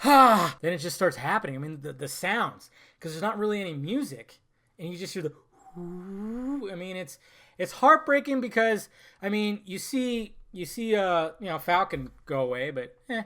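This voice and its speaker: A young man talks through a film review in loose, casual chat. His voice is bright and forceful and sits a little high. He swears freely and acts out the scenes in quick quoted lines. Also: expressive. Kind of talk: casual spoiler review monologue.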